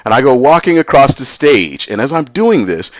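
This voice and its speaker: A man's voice: mid-range voice, normal speed, no room sound. Man casually telling a campus story. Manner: animated, voices other people in quotes.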